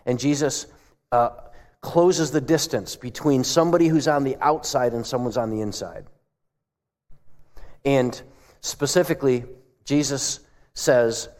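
A man's voice: mid-range voice, normal speed, darkish tone. A male pastor giving a sermon in a church, telling stories in a conversational way and asking the congregation questions. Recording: long hall reverb.

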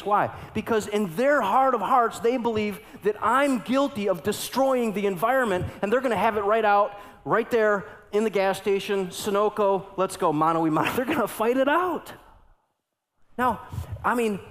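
A pastor in his middle years delivers a sermon with a somewhat high voice. He tells stories in a low, confiding tone, then rises to loud, urgent calls. The sound rings out in a large, reverberant hall. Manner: animated, swings from hushed storytelling to loud exclamations.

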